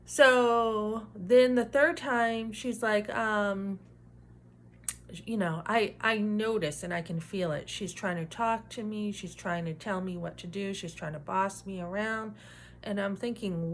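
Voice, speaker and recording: A woman's voice: mid-range voice, measured pace, slight background noise. A woman casually retelling a workplace run-in, acting out what people said and adding asides to her listener. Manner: animated, retelling dialogue with asides like "right?". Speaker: vlogger telling a workplace story. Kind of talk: casual storytelling.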